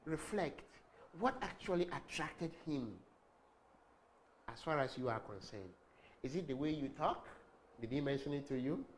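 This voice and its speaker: A man's voice: medium pitch, pushed and bright. A man giving a counseling talk, emphatic, asking rhetorical questions and checking "okay?" often as he repeats key points. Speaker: marriage counselor. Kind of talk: teaching talk to camera.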